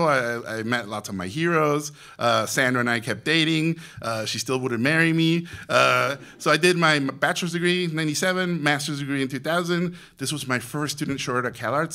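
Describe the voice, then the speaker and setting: A man in his forties with a Mexican accent, telling lively stories from his life to a room of students and acting out the voices of people he quotes. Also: fairly high pitch. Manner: animated storyteller, acts out quoted voices. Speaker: guest speaker, animation director. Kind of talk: storytelling talk to students.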